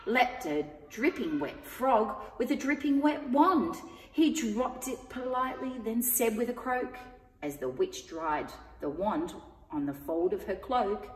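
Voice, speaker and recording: A woman reading a rhyming picture book aloud to children, expressive and sing-song. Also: fairly high pitch, slight background noise. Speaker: story time reader. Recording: echoey room with long reverb.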